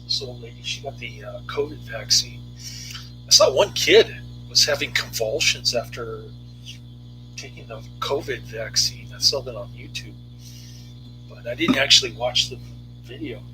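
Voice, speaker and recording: A man talking casually as a movie reviewer, rambling and halting with many fillers and restarts. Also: medium pitch, music in the background, rough recording.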